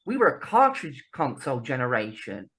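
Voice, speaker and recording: A woman's voice: rumbling low, very animated, normal speed, fairly bright tone, husky. A woman, co-hosting a podcast in casual chat, laughing often, swearing freely and bantering. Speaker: podcast co-host.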